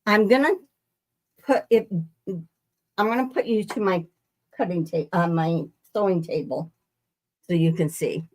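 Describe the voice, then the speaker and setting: A woman's voice: lowish voice, unhurried, pauses often, darkish tone. A woman hosting a casual live quilting demonstration from her sewing room, rambling and restarting her sentences as she greets viewers by name. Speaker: quilting livestream host.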